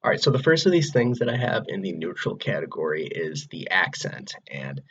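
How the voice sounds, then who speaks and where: A man's voice: low voice, big pitch swings, a little fast, fairly bright tone, highs cut off, a little hiss or hum. A man in his twenties from Wisconsin with an American accent, talking casually to camera in his own room and rambling with many "like"s and restarts. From Wisconsin, USA. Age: 20s. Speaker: vlogger.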